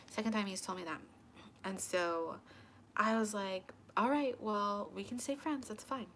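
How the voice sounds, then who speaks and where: A young woman talks straight to camera, telling a personal story in a loose, chatty way. She acts out the back-and-forth of conversations. Her voice sits at a middle pitch over a faint background hiss. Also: moderate pace. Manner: animated, acts out both sides of conversations. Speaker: tarot channel host.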